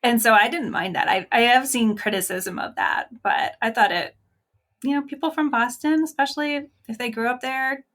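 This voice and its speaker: A woman's voice: a little high, normal speed, a bit bright. A woman historian guest answering interview questions in a thoughtful, friendly way, laughing easily.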